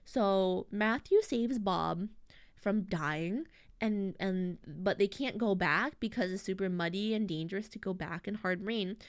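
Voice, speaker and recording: A woman streaming as a VTuber, recapping a story to her chat in a rambling, animated way, full of fillers and internet slang. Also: mid-range voice, unhurried, no echo, studio quality.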